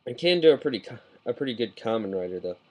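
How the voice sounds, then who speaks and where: This man talks fast in a medium pitch while reviewing a model kit, rambling casually, growing excited, and frequently fixing himself mid-sentence. He's on a webcam mic, and the recording is low quality.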